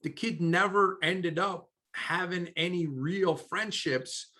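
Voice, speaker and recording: A man's voice: sits high, slow, bright, forceful tone. A man co-hosting a casual chat, grumbling and opinionated about how things are now.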